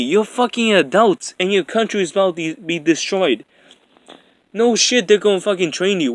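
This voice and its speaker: Young male vlogger, high voice, dry close recording, rambling exasperated profane rant. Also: a bit bright, dry recording. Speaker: anime commentator. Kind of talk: ranting commentary.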